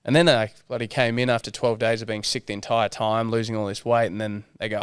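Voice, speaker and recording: A lower-voiced Australian man speaks in a smooth, clear tone, recorded close and dry. He chats casually as a podcast guest in his thirties, telling stories loosely with plenty of swearing. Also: fast talker, hardly any pauses, dry recording. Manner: relaxed storyteller, swears freely, acts out quotes. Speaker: guest sailor.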